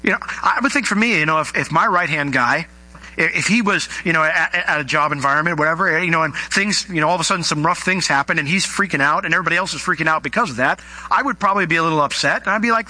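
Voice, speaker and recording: Bright-voiced man preaching a sermon. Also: fast talker, rough recording. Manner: animated storytelling, acting out quoted voices with big pitch jumps. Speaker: pastor.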